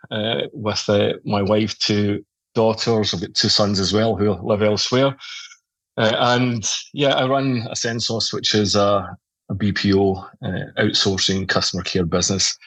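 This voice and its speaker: A man's voice: on the low side, a bit bright, dry recording. A middle-aged man with a mixed Glaswegian and Edinburgh Scottish accent, talking casually as an interview guest with many hesitations. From Glasgow, Scotland. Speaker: guest, company CEO.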